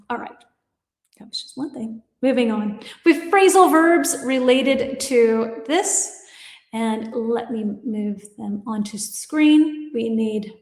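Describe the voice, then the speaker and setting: Fairly high in pitch and a little mellow, this woman's voice carries an echoey, large-hall quality. She teaches English on a livestream from her home studio in Germany, keeping things chatty and upbeat, reading comments from viewers and laughing whenever she slips up.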